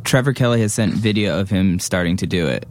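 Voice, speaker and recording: A man's voice: sits low, lively intonation, brisk. A man co-hosting a podcast, speaking in an easygoing way and thanking the people who helped. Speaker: podcast co-host. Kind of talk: casual chat.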